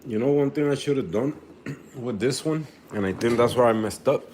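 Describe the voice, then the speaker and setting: A man's voice: medium pitch, moderate pace, a little mellow, slight background noise. A young man in a casual home vlog, rambling with many restarts as he shows his aquarium, sometimes talking with his mouth full. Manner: rambling, restarts often, talks while eating. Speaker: reef tank hobbyist vlogger.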